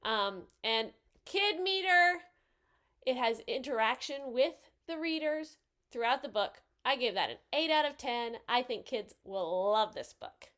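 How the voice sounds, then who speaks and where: A woman hosting a casual picture book review, cheerful and gently enthusiastic as she hands out scores. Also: fairly high pitch, animated, a little slow.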